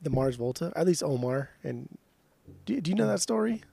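A man's voice: fairly high pitch, lively intonation, moderate pace, gravelly, dark tone, breathy edge, dry recording. A man co-hosting a podcast, telling stories in a loose, profane way with lots of restarts. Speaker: podcast co-host. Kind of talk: casual chat.

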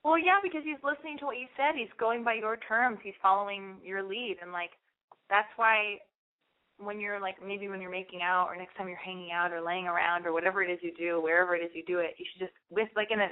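A woman's voice: mid-range voice, fairly even intonation, quick pace. A woman hosting an advice show, giving a caller frank, blunt advice and acting out sample lines. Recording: phone-like radio audio.

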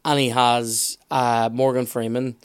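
A man chatting casually on a podcast, opinionated and animated, with some swearing. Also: medium pitch, a little slow, smooth. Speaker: podcast guest expert.

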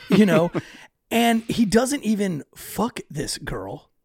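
A man's voice: sits high, very animated, slow pace, a little mellow, breathy edge, dry recording, clean studio sound. A young man co-hosting a podcast, telling stories in a blunt, profane way with lots of restarts. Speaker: podcast co-host. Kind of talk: casual chat.

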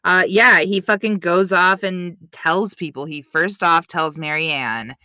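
Bright, swearing woman podcast co-host. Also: fairly low pitch, unhurried, no echo, studio quality. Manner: laughs often, swears casually. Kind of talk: casual chat recapping a reality show.

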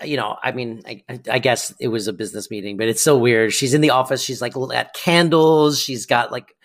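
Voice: mid-range voice, brisk. A podcast co-host casually recapping a sitcom episode, playful and prone to silly theories.

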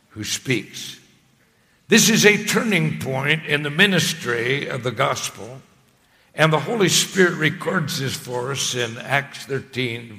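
A man preaching a sermon in a church, with emphatic, swelling phrases and a steady, conversational delivery between the peaks. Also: mid-range voice. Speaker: pastor. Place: church sanctuary. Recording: long hall reverb.

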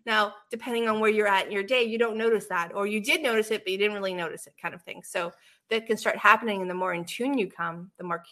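Bright-voiced woman telling animated stories. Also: mid-range voice, fast talker. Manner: animated storyteller, swings loud and soft. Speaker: co-host, animal communicator. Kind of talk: casual spiritual chat.

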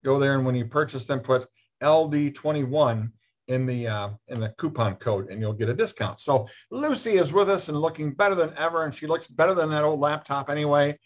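A man hosting a casual online show, friendly and halting with lots of fillers. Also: fairly high pitch. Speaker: host. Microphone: video call.

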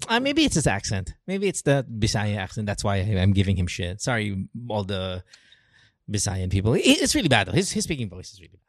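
A man's voice: fairly low pitch, wildly swooping pitch, fairly quick. A man co-hosting a casual podcast, switching between English and Tagalog, joking and laughing often. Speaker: podcast co-host. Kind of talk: casual banter.

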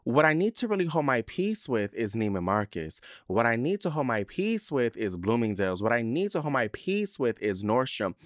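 A man hosting a podcast, telling a story in a campy, profane, animated way. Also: medium pitch, moderate pace, hardly any pauses, dry recording, clean studio sound. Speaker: podcast host. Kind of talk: casual chat.

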